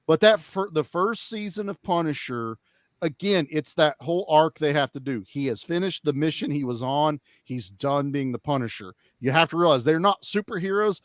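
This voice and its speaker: A man's voice: fairly high pitch, lively intonation, normal speed, no room sound, studio quality. A man guesting on a casual podcast chat, talking enthusiastically and swearing freely.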